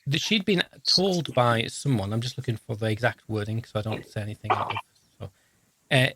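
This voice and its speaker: A man's voice: medium pitch, fairly quick, very noisy. A man, hosting a podcast in a casual, rambling, self-deprecating, jokey way. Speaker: podcast host. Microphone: podcast microphone.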